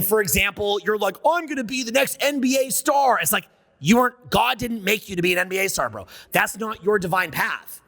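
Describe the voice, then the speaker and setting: Brash, gravelly, high-voiced male seminar speaker. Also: a bit bright, big-room sound. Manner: brash, profane, riffing off the cuff. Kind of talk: live seminar talk. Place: seminar room with an audience.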